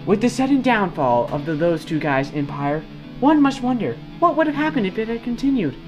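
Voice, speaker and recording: A young man narrating a mock documentary in a deadpan, mock-serious way, with guitar music behind. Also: sits high, a little fast.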